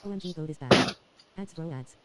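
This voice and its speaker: A woman heckling and teasing a streamer over a voice call, heard quietly through his setup. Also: sits low, brisk, no echo, faint music behind, poor audio. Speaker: caller on a voice call.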